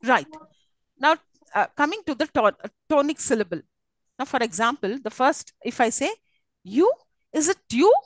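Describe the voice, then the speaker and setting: A woman lecturer with a fairly high voice, talking a live class through examples and checking in with students. The sound is dry and close, with no room echo. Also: animated, moderate pace. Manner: explanatory, asks students questions, many fillers. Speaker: university English lecturer.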